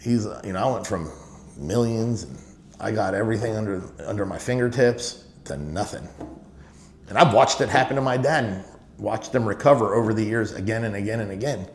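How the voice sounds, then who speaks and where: The guest is a middle-aged business owner with a fairly low, brisk voice. He tells his stories emphatically in a candid interview, leaning on "you know" fillers. Faint noise and room echo are audible.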